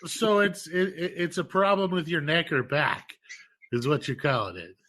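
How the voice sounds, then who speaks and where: A man co-hosting a podcast, telling rambling stories in a casual, profane, animated way. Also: on the high side, moderate pace, a little hiss or hum. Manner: animated, profane, laughing storyteller. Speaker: podcast co-host. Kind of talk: casual chat, storytelling.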